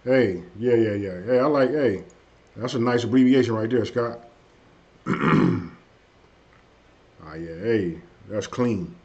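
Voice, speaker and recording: Low-voiced laid-back man streaming live. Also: takes it slowly, pauses often, darkish tone. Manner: loose and conversational, frequent "hey" and "you know what I mean". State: a bit under the weather, low energy. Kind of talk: casual live-stream chat reviewing viewers' channels. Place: at home. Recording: dull lo-fi stream audio.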